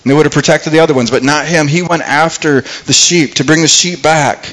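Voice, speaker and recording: A man's voice: a little high, steady tone, a little fast, a bit bright, low-quality recording. A man preaching a sermon, retelling a scripture story and acting out what its characters might say, often repeating words as he thinks aloud. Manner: acts out the characters' thoughts in dialogue.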